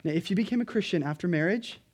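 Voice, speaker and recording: A man, a pastor, preaching a sermon, emphatic and pleading at times, then quietly earnest. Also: high-pitched, quick pace.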